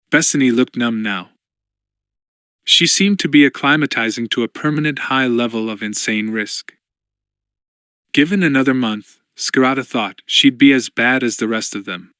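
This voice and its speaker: Steady measured male narrator, mid-pitched, dry booth audio. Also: no room sound. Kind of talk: scripted narration.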